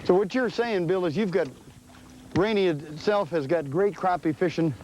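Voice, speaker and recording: A man hosting a fishing show from a boat, chatting excitedly and laughing as he reels fish in. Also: high-pitched, normal speed, highs cut off. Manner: excitable, exclaiming and laughing while reeling in fish. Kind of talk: casual on-the-water fishing chat. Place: outdoors on a boat on a lake. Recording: 1980s VHS field audio with light noise.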